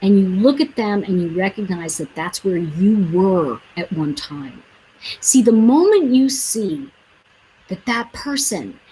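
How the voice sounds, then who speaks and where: A woman's voice: medium pitch, dark tone, a little hiss or hum, poor audio. A woman host talking to her viewers in a casual, chatty way. She tells stories, acts out what people said and gives earnest advice. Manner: chatty, acts out quoted dialogue; earnest, advising. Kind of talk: casual livestream storytelling.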